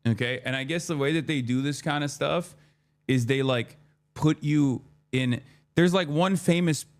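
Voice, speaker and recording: A man's voice: a little high, moderate pace. A man in his thirties, a streamer, casually telling a story, swearing often and acting out his own lines of dialogue. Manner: profane, animated, acts out his own dialogue.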